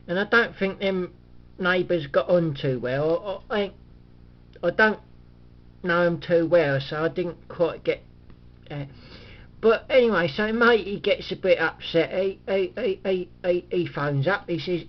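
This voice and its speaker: A man's voice: sits high, a little slow, lo-fi sound. A man rambling in a casual monologue, chatty and cynical, chuckling often and restarting his sentences. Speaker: vlogger.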